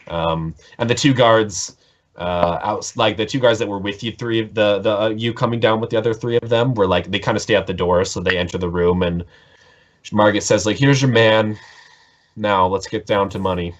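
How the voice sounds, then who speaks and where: A man's voice: on the low side, steady tone, a little fast. A man narrating a tabletop game as game master, rambling with many fillers. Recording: dull lo-fi mic.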